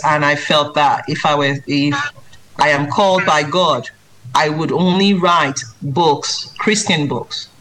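A woman's voice: fairly low pitch, rough recording. Earnest woman children's author. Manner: earnest, emphatic, lively when mimicking reading aloud. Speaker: children's book author and maths tutor. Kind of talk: interview answers.

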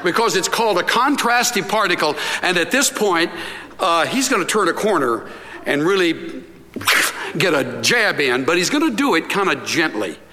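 A man's voice: high voice, normal speed. A middle-aged man preaching a conversational sermon, telling stories and acting out scenes as he goes. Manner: animated storytelling, acts out scenes. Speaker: pastor. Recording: long reverb of a large hall.

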